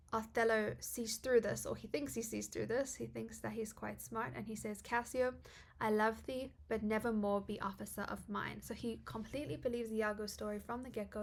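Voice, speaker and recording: A woman's voice: a little high, little pitch movement, a little fast, gravelly. A woman tutor casually explaining literature quotes, chatty and informal, with frequent likes, ums and small laughs.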